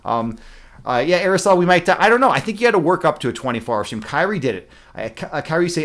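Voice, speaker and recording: A young man hosts a livestream in an easygoing, rambling way, swearing often and joking with viewers. His voice sits a little high and moves up and down a lot. He talks into a desk microphone. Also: sing-song, fast talker, fairly bright tone. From Midwestern US. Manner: rambling, profane, joking with chat. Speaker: livestream host. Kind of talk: casual livestream chat.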